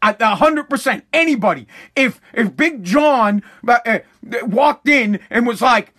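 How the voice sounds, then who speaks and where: A man, hosting a casual rant monologue in a profane, animated way, repeating himself as he goes. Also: extremely high pitch, unhurried. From Massachusetts.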